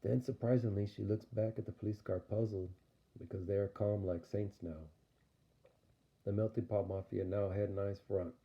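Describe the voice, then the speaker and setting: Give me a man narrating a playful audio story, low and gravelly. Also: fairly even intonation, normal speed. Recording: dull lo-fi recording.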